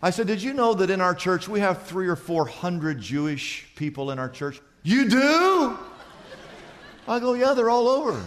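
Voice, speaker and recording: Animated male pastor preaching in a hall. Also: high-pitched, brisk, few pauses. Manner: animated storytelling, swinging from loud to quiet. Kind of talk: sermon.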